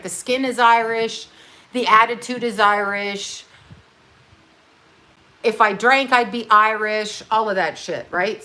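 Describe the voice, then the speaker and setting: Canadian woman hosting a chatty stream, bright voice, blunt, swears a lot, goes off on tangents, mid-pitched. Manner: rambling, blunt and profane with self-mocking asides. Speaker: livestream host. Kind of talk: casual chat.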